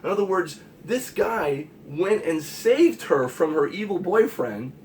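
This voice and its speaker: A man's voice: sits high, sing-song, a little slow, hardly any pauses, darkish tone. Earnest man rambling from afar. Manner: earnest, emphatic, many fillers and restarts. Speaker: comic artist and vlogger. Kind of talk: rambling monologue to camera. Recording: distant mic with faint hiss.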